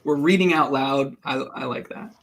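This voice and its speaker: A man, a writer at a reading event, chatting casually and haltingly with fillers. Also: medium pitch. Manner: warm thanks, halting with fillers.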